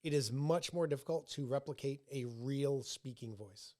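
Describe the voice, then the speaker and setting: A man co-hosting a podcast, chatting casually with a playful, deadpan manner. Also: medium pitch, moderate pace. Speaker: podcast co-host. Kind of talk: casual chat.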